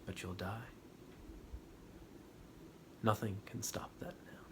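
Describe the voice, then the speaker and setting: A man quoting a dying masked male villain in a hushed, half-whispered voice. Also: lowish voice, slow pace. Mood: weak. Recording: steady background noise.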